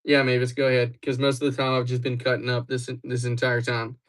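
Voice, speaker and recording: A man's voice: medium pitch, monotone, fast. A young man from Wisconsin who livestreams, chatting casually with viewers in a loose, rambling, teasing way. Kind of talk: casual live chat with viewers.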